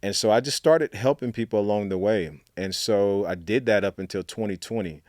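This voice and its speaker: A middle-aged man from Alabama, an author and storytelling coach, is a guest in a casual interview. His voice is lowish and a bit dark, at a moderate pace, and he's chatty, using lots of fillers and acting out quotes. The studio sound is clean, with no echo.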